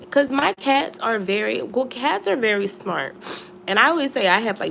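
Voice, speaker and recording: A woman's voice: mid-range voice, vocal fry, a little hiss or hum. A young woman telling a storytime on a live stream at home, slangy and chatty, with many asides. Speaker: storytime vlogger.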